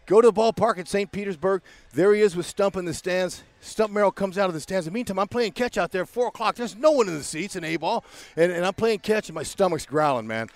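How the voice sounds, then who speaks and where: An older man from California, a guest on a baseball talk show, talks in a fairly high voice for a man. He spins long, excitable stories and performs every character in them. Filler words like "man" punctuate his lines. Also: fast talker, no room sound. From California, USA. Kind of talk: animated storytelling interview.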